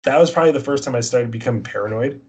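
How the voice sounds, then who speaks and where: A man's voice: medium pitch, racing, a little mellow, slightly rough. A man casually telling a long personal story, acting out both sides of the dialogue in a rambling way.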